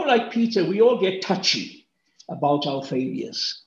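A man preaching a sermon, animated and acting out the speakers' lines with big jumps in pitch. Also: a little slow. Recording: roomy echo, dull lo-fi sound.

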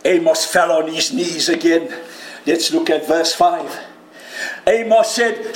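Guy preaching a sermon, slow and high, shouts the prayer bits, faint hum behind. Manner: animated, cries out quoted prayers loudly; jokes with the congregation and home viewers. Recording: roomy hall with faint ambience.

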